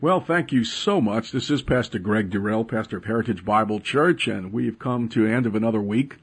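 A man with a gravelly, husky voice delivers a radio Bible lesson as a pastor. He talks in a loose, conversational way with plenty of hesitations, then lifts his pitch and presses hard whenever he drives a point home. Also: a little fast. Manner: emphatic preaching, rising in pitch when stressing points; conversational with frequent uh fillers. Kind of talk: radio Bible teaching broadcast.

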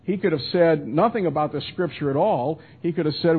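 Husky-voiced man teaching scripture over radio. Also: fairly high pitch, brisk, hardly any pauses. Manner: conversational, with many restarts and asides. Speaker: Bible teacher. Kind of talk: verse-by-verse Bible teaching. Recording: tinny phone-line radio broadcast.

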